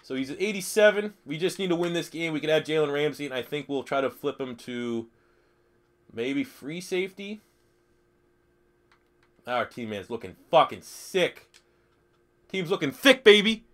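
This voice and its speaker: A man's voice: a little high, animated, moderate pace, long pauses. A young man live streaming a football video game, swearing freely, joking and reading chat questions aloud. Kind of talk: casual live stream commentary.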